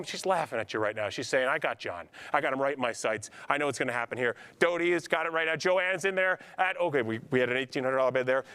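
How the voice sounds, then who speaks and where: Calling bids at a charity auction, this talkative man keeps up constant patter, urging named bidders on. His voice is a little high, somewhat bright, and smooth.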